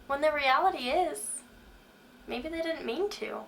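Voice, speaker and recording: A woman's voice: sits high, moderate pace, fairly bright tone. A woman hosting a faith talk, speaking earnestly and asking the listener many questions. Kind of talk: devotional talk to camera.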